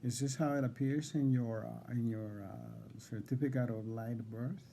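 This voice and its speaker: A man reading out insistent legal demands to a court evaluator, repeating himself and halting on fillers. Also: mid-range voice, steady tone, creaky, warm tone, a little hiss or hum. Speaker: defendant addressing a court evaluator. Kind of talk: confrontational legal declaration.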